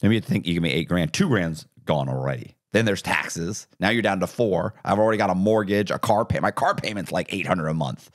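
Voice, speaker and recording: A middle-aged man tells his story on a podcast, acting out each exchange with animated voices. His voice sits very low, and the recording is dry and close with no room sound. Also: a little fast, few pauses, no echo. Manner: animated, acts out quoted dialogue. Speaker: podcast guest. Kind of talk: casual storytelling interview.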